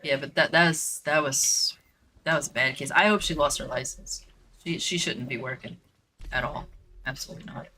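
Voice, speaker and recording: A woman's voice: rumbling low, normal speed, pushed and bright, slight background noise. A woman telling a story in a blunt, profane, casual way while streaming a game, with lots of fillers and repeats.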